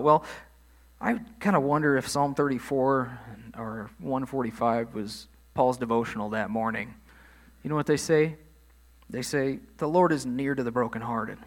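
Man preaching a conversational sermon. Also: medium pitch. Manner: conversational preaching, rising emphasis on key phrases. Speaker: pastor.

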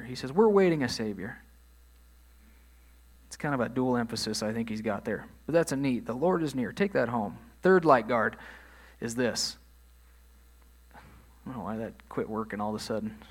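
A man preaching a sermon in a conversational way, leaning hard on key phrases. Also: medium pitch. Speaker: pastor.

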